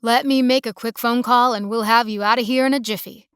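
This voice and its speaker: A woman's voice: on the high side, steady tone, a little fast, a bit bright, clear, resonant tone, no echo, clean studio sound, lightly acted. A woman voicing a friendly young small-town male mechanic with a slight country drawl, easygoing and folksy.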